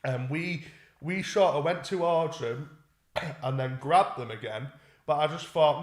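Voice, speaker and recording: A man's voice: on the high side, measured pace. A young man, co-hosting a podcast and telling a story in casual chat, swearing and restarting often. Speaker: podcast co-host. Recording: echoey room.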